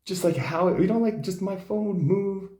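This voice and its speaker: A man's voice: sits high, normal speed, dark tone. A man telling personal stories in casual conversation, rambling with many fillers. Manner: rambling, many fillers, acts out quoted dialogue. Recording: echoey room.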